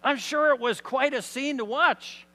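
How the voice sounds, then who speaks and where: In a church hall with a long reverb, a pastor preaches a sermon in a conversational storytelling style packed with rhetorical questions. His voice is very high, a little slow, and sharp in tone.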